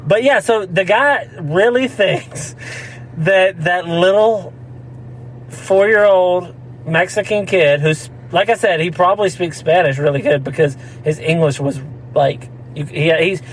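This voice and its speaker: A man's voice: high voice, measured pace, slight background noise, poor audio. A man telling a rambling story in casual chat, laughing often and slipping into mock voices. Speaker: podcast co-host.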